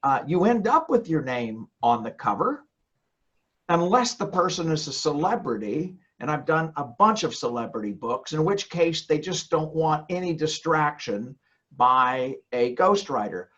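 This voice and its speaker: An older American man with a lively, swooping voice that sits a bit high, chatting freely and laughing now and then. He often repeats his words as he finds them. The audio comes through a little muffled. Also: a little slow. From United States. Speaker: podcast guest, ghostwriter. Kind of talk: casual interview chat.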